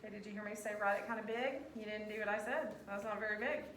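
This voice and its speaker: A woman's voice: mid-range voice, steady tone, fast, a bit bright, a little hiss or hum. A woman teacher, patiently talking her students through a classroom lesson step by step. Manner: patient, coaxing, talks students through steps. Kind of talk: classroom instruction. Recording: roomy classroom audio from a distance.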